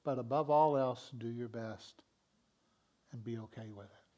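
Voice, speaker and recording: A male minister delivering a sermon at an unhurried, measured pace. His voice sits at an ordinary pitch and his manner is gentle and encouraging. He speaks in a church sanctuary. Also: highs cut off.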